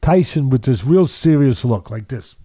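A man's voice: medium pitch, expressive, moderate pace, dark tone, dry recording, studio quality. An older man, a boxing trainer, telling stories in an interview, driving points home by repeating phrases. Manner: emphatic, repeats phrases for weight. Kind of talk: interview storytelling.

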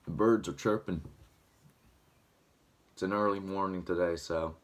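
A young male vlogger, speaking a little slowly in a low voice with fairly even intonation, rambles to camera at home. It's early morning, his throat is dry, he's only just waking up, and fillers fill his speech.

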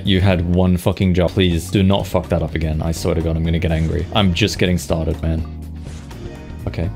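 A man's voice: sits low, gravelly, a little mellow. A young man giving casual, swear-laden gameplay commentary with playful sound effects. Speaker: gaming streamer.

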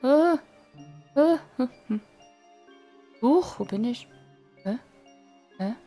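A woman's voice: high-pitched, lively intonation, slow pace, dark tone, soft background music. A woman with a German accent hosting a let's play, reading game text aloud and making casual asides. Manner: casual asides to herself, chuckling.

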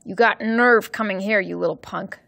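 A woman putting on a loud, gruff bully of a stepfather, barking orders and threats in a storybook reading. He snarls and yells, raising his voice well above the narration. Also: medium pitch, normal speed. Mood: shouting angry.

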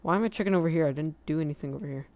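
A man giving casual, rambling gameplay commentary, correcting himself and breaking into excited outbursts. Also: on the high side, rapid-fire. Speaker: gaming video creator. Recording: slightly muffled lo-fi recording.

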